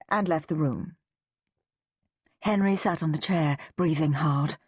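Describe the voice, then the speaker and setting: A woman narrating a children's storybook in an expressive, drawn-out storytelling manner. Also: sits low, husky, no room sound, clean studio sound. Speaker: audiobook narrator.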